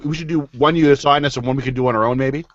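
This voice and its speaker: A man's voice: medium pitch, fairly even intonation, very fast, highs cut off. A Canadian man co-hosting a podcast from his basement, casual and teasing. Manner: teasing, loud joking asides. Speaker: podcast co-host. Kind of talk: casual chat. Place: home basement.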